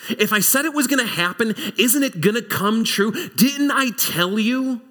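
A man's voice: very high-pitched, animated, moderate pace, sharp tone, pitched above the performer's own voice, full character voice. A man speaking as God, a male deity firing off insistent, exasperated questions within his sermon. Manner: pressing rhetorical questions.

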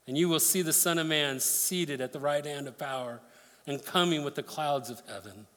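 A man's voice: a little high, moderate pace, a bit bright, long reverb tail. A man preaching a sermon, reading scripture aloud and explaining it with emphasis. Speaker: pastor.

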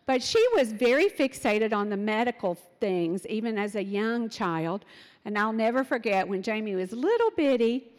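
A middle-aged woman telling parenting stories in an animated way, acting out what her children said. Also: on the high side, normal speed, big-room sound. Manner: animated, acts out quotes of her kids. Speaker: speaker sharing parenting stories. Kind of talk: storytelling talk.

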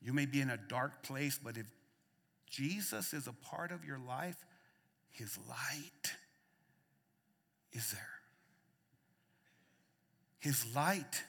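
A man preaching a sermon, shifting between soft hushed lines and raised emphatic ones, repeating phrases for emphasis, in a church. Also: medium pitch, unhurried. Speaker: pastor. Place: church sanctuary. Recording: long reverb of a church hall.

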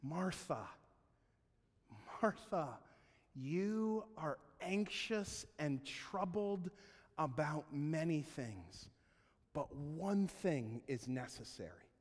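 A man voicing a gentle, calm wise teacher who speaks softly and tenderly, in a church with a long hall reverb. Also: on the high side. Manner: soft, slow and tender.

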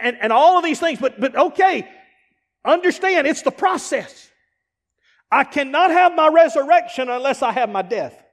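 A man preaching a sermon as pastor, emphatic and repetitive, rising into shouts to drive points home. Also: very high-pitched. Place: church sanctuary. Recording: long reverb of a large church hall.

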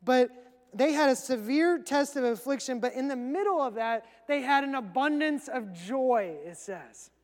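A male pastor preaching a sermon in a conversational way, acting out quick asides. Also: extremely high pitch, animated, big-room sound.

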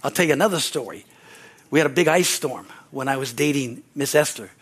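A man preaching a sermon as pastor, telling rambling, animated stories full of restarts. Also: medium pitch, a little fast, husky. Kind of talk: sermon storytelling. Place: church sanctuary.

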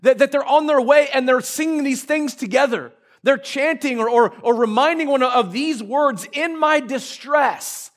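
Male pastor, very high voice, animated sermon delivery with playful asides. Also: moderate pace, hardly any pauses. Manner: animated, acts out prayers and asides with humor.

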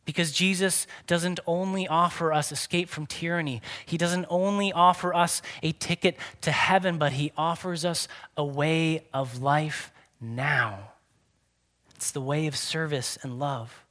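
Male pastor, fairly high voice, earnest preaching delivery that slows for emphasis. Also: fairly bright tone. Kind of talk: sermon.

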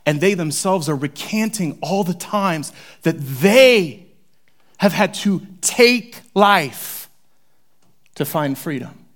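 A man preaching a sermon, animated and conversational, swinging from loud excitement to hushed near-whispers. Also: high voice, slow pace. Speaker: pastor.

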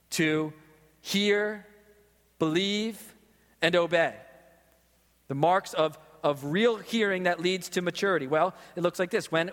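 Preaching man with a fairly high voice. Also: fairly bright tone, in a large hall. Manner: earnest, emphatic preaching with slowed stresses and repeated questions. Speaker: pastor. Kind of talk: sermon.

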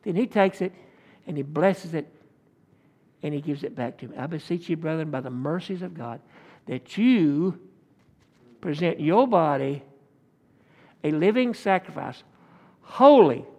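A man's voice: on the high side, lively intonation, measured pace, pauses often, darkish tone. A male pastor, preaching a folksy sermon full of homespun stories and calls for an amen.

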